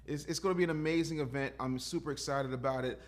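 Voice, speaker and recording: A man's voice: mid-range voice, steady tone, fast talker. A man in his fifties, a podcast guest and entrepreneur, talking in a blunt, emphatic, profane way with a preaching cadence. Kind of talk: casual podcast conversation.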